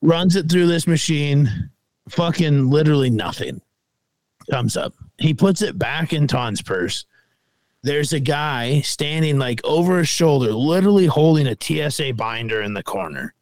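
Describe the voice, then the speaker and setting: Animated, swearing man telling a story. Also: on the high side, unhurried, no echo. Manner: animated, profane, acts out other people's lines. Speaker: podcast co-host. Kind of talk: casual storytelling chat.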